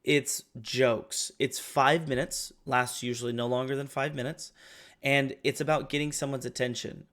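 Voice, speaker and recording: A man who trains insurance agents, explaining sales steps in a casual, conversational way and letting his phrase ends trail off quietly. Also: medium pitch, steady tone, moderate pace.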